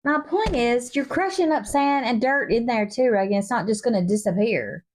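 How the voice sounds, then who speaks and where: A woman's voice: on the high side, moderate pace. Chatty woman reading Bible verses. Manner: chatty, reads verses aloud and acts out quotes. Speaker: co-host of a Bible study podcast. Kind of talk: casual Bible study chat.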